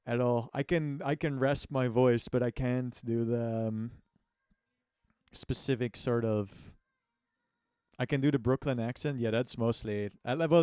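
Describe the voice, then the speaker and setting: A man's voice: mid-range voice, darkish tone, smooth, no echo, studio quality. Rambling, self-mocking male streamer. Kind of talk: casual live-stream chat.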